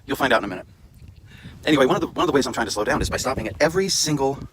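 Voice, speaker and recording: A man's voice: medium pitch, expressive, very fast. A man vlogging while walking a hiking trail, chatting casually and joking at his own expense into a handheld camera. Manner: joking, rambling, self-mocking. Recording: outdoor wind and traffic noise.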